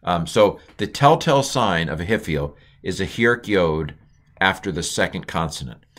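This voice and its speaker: Low-voiced man teaching a casual lesson. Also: lively intonation, a bit bright. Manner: casual, thinking aloud with many fillers and restarts; slows and stretches words when pronouncing Hebrew. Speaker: Hebrew teacher. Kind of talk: informal recorded language lesson.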